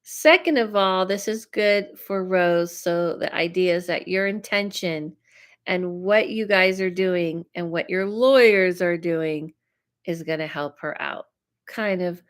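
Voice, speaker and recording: A woman's voice: mid-range voice, slow pace. A woman psychic host giving live readings, chatty and reacting to viewer comments aloud. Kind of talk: live-stream reading chat.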